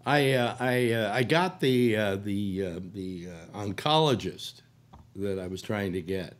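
An older man hosting a talk show, hoarse with a cold, rambling in casual talk with many restarts. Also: fairly low pitch, animated, a little slow. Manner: rambling, full of restarts and "you know". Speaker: radio talk host.

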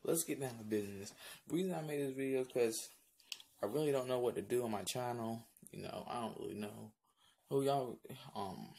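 A man's voice: medium pitch, brisk, gravelly, dark tone, slight background noise. A man hosting his own channel, chatting casually to the camera in a slangy, rambling way with lots of fillers. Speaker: YouTube channel host. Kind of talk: casual vlog chat to the camera.

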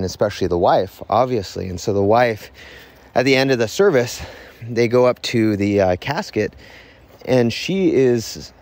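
A man hosting his own show, telling a rambling, self-deprecating story in a casual monologue outdoors near a road. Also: lowish voice. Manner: rambling and self-deprecating, with frequent restarts and chuckles. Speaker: podcast host. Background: faint passing traffic.

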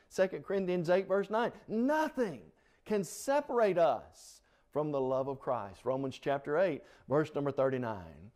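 A man preaching a Bible study sermon in a church, quoting scripture emphatically and rising in pitch on the key words. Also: expressive, a little slow, darkish tone. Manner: rises in pitch and force on scripture quotes, emphatic.

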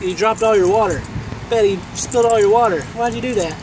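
A woman vlogging casually at home, switching to high sing-song baby talk with her dog. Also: fast, background noise.

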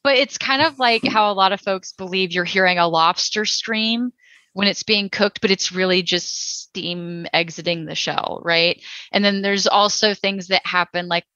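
A young woman from Texas talks through her points in a casual, opinionated way, leaning on fillers as she goes. Her voice is bright and forward. It comes through a dry, slightly dull podcast microphone. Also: medium pitch, normal speed, no echo. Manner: chatty, many fillers, opinionated. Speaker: podcast co-host.

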